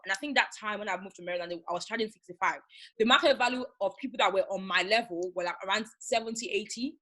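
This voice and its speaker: A woman's voice: medium pitch, fast. A young woman from Nigeria, a makeup artist, chatting casually as a guest and animatedly telling stories. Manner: animated storyteller, acts out callers. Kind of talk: casual chat, storytelling.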